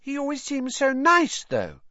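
A man's voice: very high voice, wildly swooping pitch, unhurried, bright, forceful tone, no room sound, voice pushed up, heavily acted. A man voicing an anxious, uncertain schoolgirl. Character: anxious, kindly schoolgirl with pigtails. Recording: dry, slightly muffled audio.

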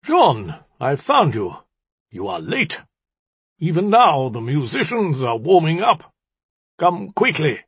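A man reading an audiobook, voicing a fussy, pompous gentleman who speaks in a hurried, high, insistent voice. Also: huge pitch swings, slightly rough, dry recording, full character voice. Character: fussy, pompous man calling through a magic orb.

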